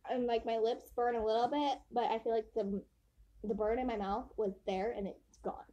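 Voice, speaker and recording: Tasting hot sauce in a hotel room, a woman vlogger keeps things giggly and chatty, with drawn-out listing. She speaks on the high side in a steady, warm tone, though the audio is dull.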